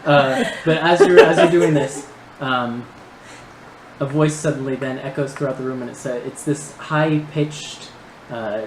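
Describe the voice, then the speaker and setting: A man's voice: mid-range voice, measured pace, a crowd in the background. Echoey laid-back male game master. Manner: laid-back, hesitant, with many ums and restarts. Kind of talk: narrating a tabletop game.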